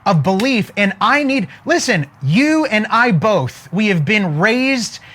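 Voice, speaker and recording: A man with a fairly high voice gives an emphatic motivational talk. He tells stories, builds to punchlines and keeps asking his audience whether they are following. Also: sing-song, slow, bright, forceful tone, a little hiss or hum. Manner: emphatic, with frequent "okay?" check-ins. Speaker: motivational speaker.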